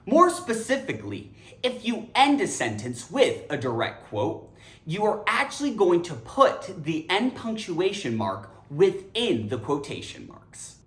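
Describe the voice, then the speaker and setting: A woman giving a scripted grammar lesson, animated and emphatic. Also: on the low side, a little slow, echoey room. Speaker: English grammar teacher.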